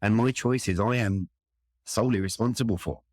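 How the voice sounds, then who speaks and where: A man's voice: on the low side, moderate pace, darkish tone, no echo, clean studio sound. A middle-aged man with a London accent, telling a personal story in an earnest, reflective way. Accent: London English. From England. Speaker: interview guest, firefighter.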